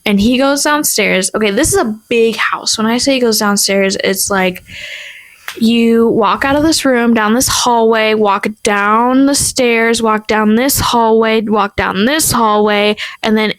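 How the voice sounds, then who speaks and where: A young woman co-hosting a podcast, telling a family story in a casual, animated way with lots of fillers. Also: on the high side, measured pace. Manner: animated, acts out quoted people, many fillers. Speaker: podcast co-host.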